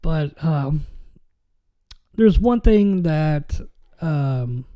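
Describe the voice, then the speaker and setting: A man's voice: fairly high pitch, lively intonation, extremely slow, mellow. A man hosting a podcast in casual chat, rambling with many fillers and restarts, his nose a little stuffy. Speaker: podcast host.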